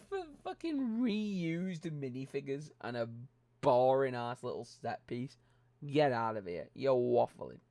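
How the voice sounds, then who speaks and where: A young British LEGO channel host, speaking with a British accent, vents about set prices with blunt, casual swearing. His medium-pitched, slightly mellow voice is captured dry on a close desk microphone.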